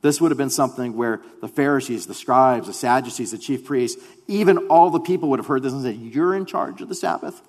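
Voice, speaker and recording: A man preaching a sermon as pastor, animated at times and then dropping to quiet, weighty emphasis. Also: medium pitch, fast talker, few pauses. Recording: long hall reverb.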